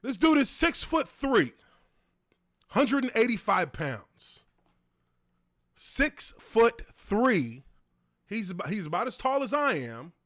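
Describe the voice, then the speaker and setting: A man's voice: sits high, slow, pauses often, no echo, clean studio sound. A man hosting his own show, giving casual, profane commentary on a video clip and talking straight to viewers. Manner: profane, animated, talks to viewers. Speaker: show host.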